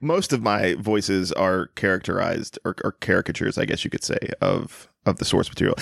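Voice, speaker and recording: Gravelly-voiced man in joking podcast chat. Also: low-pitched, moderate pace, hardly any pauses, a bit bright, dry recording, clean studio sound. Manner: joking, hesitant, repeats words. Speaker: podcast co-host. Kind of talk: casual chat.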